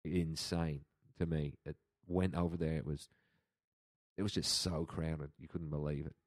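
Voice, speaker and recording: A man with an Irish accent talks in a relaxed, rambling way, breaking into laughter often. His voice sits very low. The sound is dry and close, with no room around it. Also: unhurried, no echo. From Ireland. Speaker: guest. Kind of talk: casual chat.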